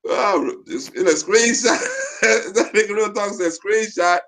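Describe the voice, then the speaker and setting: A man's voice: sits high, slow pace, fairly bright tone. A man hosting a casual livestream, reading viewer comments aloud and laughing often. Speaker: livestream host.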